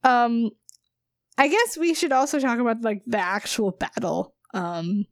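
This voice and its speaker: Chatty woman co-host, talks slow and laughs a lot, kinda high voice, no room echo. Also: studio quality. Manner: laughs often, meandering with fillers. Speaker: podcast co-host. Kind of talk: casual book-club chat.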